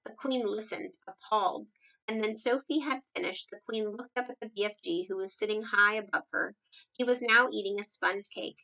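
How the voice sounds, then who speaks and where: A woman's voice: mid-range voice, moderate pace, creaky, dull audio. Woman reading a children's story aloud. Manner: steady storytelling with lively character dialogue. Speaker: reader.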